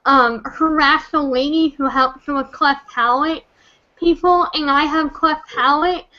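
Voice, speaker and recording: Young woman, very high pitch, slow drawn-out speech, drunk, tearful, stammering, swearing, dull lo-fi voice chat. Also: bright, forceful tone. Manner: stammering, repeats herself, swears. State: tearful, on the edge of crying. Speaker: caller in an online chat room. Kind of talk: emotional rant.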